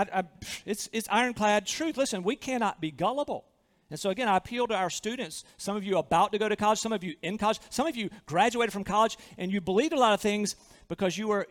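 A Southern man delivers a sermon with a high, ringing voice. He preaches earnestly and with emphasis, doubling back on his phrases, and his words trail off into the long reverb of a big church hall. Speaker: pastor.

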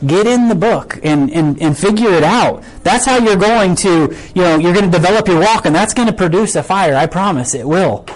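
A man's voice: sits high, animated, moderate pace, few pauses, poor audio. A man preaching a casual sermon, conversational and full of rhetorical questions. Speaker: pastor.

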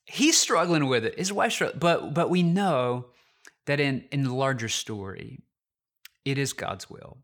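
A man's voice: mid-range voice, lively intonation, a little slow, a bit bright. Man preaching a confessional sermon. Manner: personal, confessional storytelling with many restarts. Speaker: pastor.

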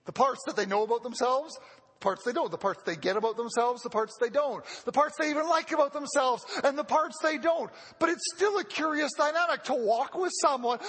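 A man's voice: very high voice, a bit bright. A man preaching a sermon in an earnest way, repeating phrases for emphasis and often restarting, heard with the long reverb of a large hall.

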